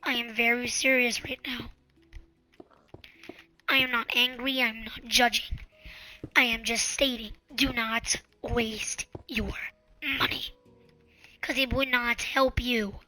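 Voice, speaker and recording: Earnest host, female, high bright voice, pleading and repetitive, with faint music underneath. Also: little pitch movement, unhurried, long pauses. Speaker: channel host. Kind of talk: casual advice monologue.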